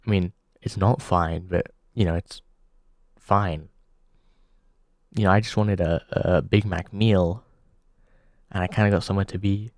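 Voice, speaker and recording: A man hosting a comedy show, delivering a halting deadpan monologue full of pauses. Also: deep voice, dry recording, clean studio sound.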